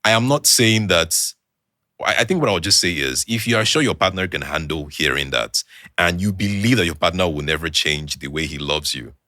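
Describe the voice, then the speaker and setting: The recording is dry and studio quality: a young man with a low voice and Nigerian English accent speaks briskly as a podcast guest. Chatting casually, he tells a personal story and animatedly acts out the quoted lines.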